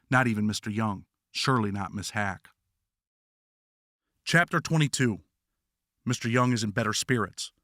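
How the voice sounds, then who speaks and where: A man reading his own first-person memoir in a somber, measured scripted narration. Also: mid-range voice, fairly bright tone, no echo, studio quality.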